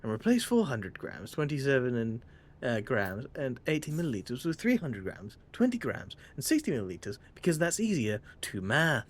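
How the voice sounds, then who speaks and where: An English man streams his gameplay with casual, wry commentary, his medium-pitched voice sing-song and moderately paced. He's playful throughout and now and then drops into put-on posh voices.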